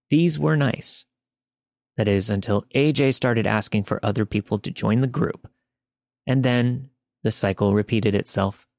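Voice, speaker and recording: A man narrating a listener's true story in a steady, scripted podcast reading. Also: medium pitch, vocal fry, no echo, clean studio sound.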